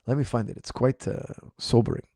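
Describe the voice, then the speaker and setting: On a casual livestream, a man who coaches martial arts takes viewer questions, mocking and incredulous in an animated, slightly strained voice. His medium-pitched speech runs a little fast, and the clean studio audio has no room sound.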